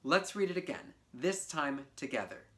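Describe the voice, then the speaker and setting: Low, lively, unhurried woman teaching children. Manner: playful, encouraging, speaks directly to kids. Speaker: teaching artist. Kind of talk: children's poetry lesson. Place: home video for a virtual class.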